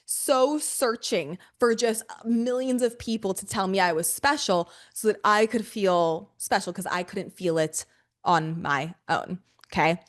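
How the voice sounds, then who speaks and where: A young adult woman hosting a podcast, talking in an animated, profane, casual monologue with quick bursts and playful asides. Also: medium pitch. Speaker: podcast host.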